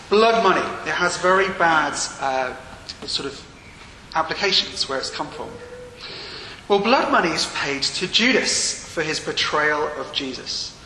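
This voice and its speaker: A man delivers a sermon with a bright, forceful voice set a touch high. He speaks earnestly, with emphasis that rises and falls. The sound carries a long, echoing hall reverb and faint room noise. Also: animated, normal speed. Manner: earnest, with rising and falling emphasis. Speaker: preacher.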